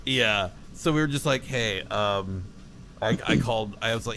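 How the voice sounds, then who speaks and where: A young man telling a road-trip story on a podcast, swearing a lot and acting out his own shouts. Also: fairly low pitch, moderate pace, a little hiss or hum. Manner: profane, animated, acts out his own shouts. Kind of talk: casual storytelling chat.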